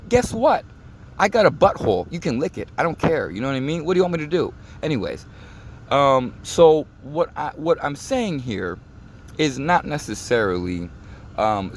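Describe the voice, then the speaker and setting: A man's voice: lowish voice, a little hiss or hum. A man talking in a casual monologue, ranting with emphasis and lots of swearing, from inside a car. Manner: animated, emphatic, profane ranting.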